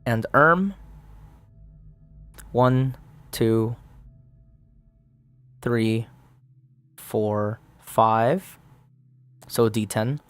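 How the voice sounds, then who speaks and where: Slow, relaxed man running a solo tabletop session, counting dice aloud, faint music behind. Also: mid-range voice, clear, resonant tone. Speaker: solo tabletop game player. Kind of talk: casual solo tabletop narration. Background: faint background music.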